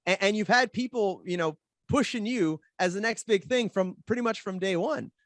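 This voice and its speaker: A man and podcast guest telling a story in an animated way, fast and with many restarts as he acts out quoted arguments. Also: high voice, dry recording, studio quality. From Canada. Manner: rapid, repeats words while acting out quoted arguments. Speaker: podcast guest, pro wrestler.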